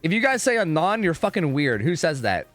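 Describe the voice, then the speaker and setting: A young male streamer talks to his chat from a home setup into a desk microphone. His voice sits a bit high and swings widely, and he swears and rants freely. Faint music plays underneath. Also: fairly quick. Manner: profane, animated and ranting, talks to chat. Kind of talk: casual livestream chat.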